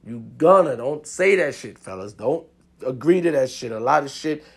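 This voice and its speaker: A man's voice: medium pitch, animated, normal speed, husky. A man giving a profane, pleading comedic rant of relationship advice, preachy and repetitive.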